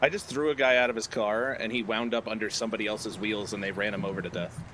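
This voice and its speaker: A young man on a gaming stream, playful and quick with reactions and jokes. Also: on the low side, fairly even intonation, fairly bright tone, slight background noise. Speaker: streamer co-host. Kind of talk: casual gaming stream chat.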